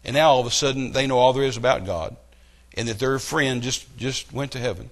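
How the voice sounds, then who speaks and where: A middle-aged man preaching a sermon, telling stories and building to loud, emphatic outbursts. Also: medium pitch, fairly quick. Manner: animated storytelling with rising outbursts.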